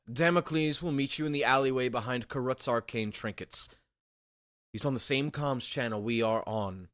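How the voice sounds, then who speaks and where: A man voicing a male spymaster in a tabletop game, giving brisk, businesslike instructions. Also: mid-range voice, fairly bright tone, no echo, studio quality. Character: male spymaster giving orders by magic stone.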